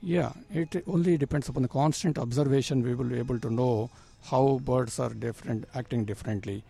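A man in his fifties, an astrologer, answering interview questions earnestly with plain phrasing and frequent pauses and fillers. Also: mid-range voice, vocal fry, warm tone, husky. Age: 50s.

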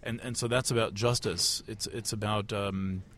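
A man from the United States interviewing at a conference, asking thoughtful questions with halting restarts. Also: fairly low pitch, fairly even intonation, fairly bright tone, slight background noise. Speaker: interviewer, astrology writer.

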